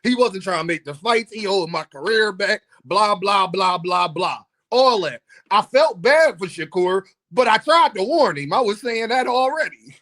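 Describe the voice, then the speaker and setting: High-voiced playful Philly man hosting. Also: animated, moderate pace, hardly any pauses, pushed and bright. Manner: playful, teasing, laughs often, addresses viewers as y'all. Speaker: boxing commentary host. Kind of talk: casual vlog commentary.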